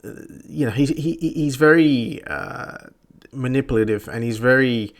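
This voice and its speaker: Aussie bloke with a gravelly voice, swearing a lot, rambling rant on a podcast. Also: male voice, mid-range voice, moderate pace. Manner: blunt, profane, rambling. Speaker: podcast host. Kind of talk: profane opinion rant.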